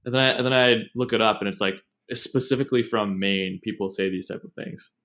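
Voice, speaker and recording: A young man with a slightly low-pitched voice chatting on a podcast. He rambles from one story to the next in a relaxed, digressive way. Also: fairly quick. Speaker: podcast host. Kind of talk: casual chat.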